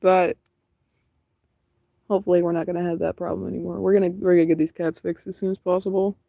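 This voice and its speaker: A woman's voice: lowish voice, flat delivery, fast talker, gravelly, warm tone, no room sound, dull audio. A young woman chatting casually and rambling while painting on a stream, laughing often. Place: outdoors in cold wind.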